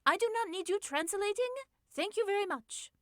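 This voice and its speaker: Brief: woman playing a blunt, scolding female doctor, audiobook, loud and high. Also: expressive, normal speed, no echo, studio quality, close to an everyday voice. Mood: indignant. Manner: curt, scolding. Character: brusque woman doctor with a Portuguese accent.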